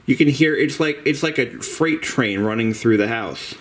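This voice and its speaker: Man, home renovation vlogger, casual rambling how-to talk, animated pitch, frank and salty. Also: moderate pace. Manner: chatty, rambling, frank and a little profane. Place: house basement at home.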